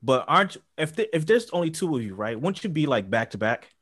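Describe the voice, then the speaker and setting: Man with a lively voice, retelling scenes. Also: on the high side, brisk, husky. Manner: questioning, easygoing storytelling. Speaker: movie review co-host. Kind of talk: casual chat.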